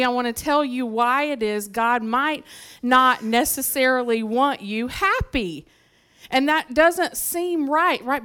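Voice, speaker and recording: A woman preaching a conversational sermon in church, telling stories from her life with lively asides to the congregation. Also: high-pitched, smooth. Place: church sanctuary.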